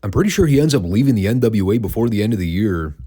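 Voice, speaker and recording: A man's voice: lowish voice, expressive, fast talker, warm tone. A man hosting a wrestling podcast, reviewing old matches in a casual, dry and sarcastic way.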